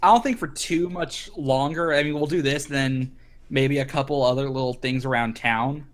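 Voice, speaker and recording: A man's voice: medium pitch, steady tone, moderate pace. A man narrating a tabletop game as game master, rambling with many fillers.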